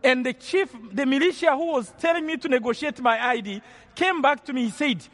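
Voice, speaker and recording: With an extremely high pitch and a fairly bright tone, a Rwandan man preaches briskly. His earnest sermon testimony unfolds as a story, marked by frequent repetitions and restarts, in a recording with long hall reverb.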